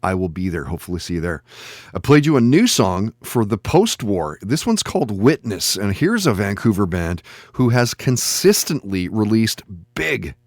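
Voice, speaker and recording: Host: man, lowish voice, dry close mic, upbeat announcer reads. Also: big pitch swings, normal speed, a little mellow, dry recording. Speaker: podcast host. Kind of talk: scripted show plugs and guest introductions.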